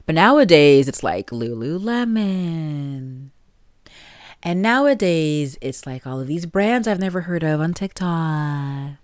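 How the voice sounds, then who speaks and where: Young adult woman, podcast host; deep, lively, rambling delivery, dry booth sound. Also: measured pace, hardly any pauses, smooth, dry recording. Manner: rambling, chatty, with frequent likes and laughs. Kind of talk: casual solo podcast chat. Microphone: plugged-in podcast mic.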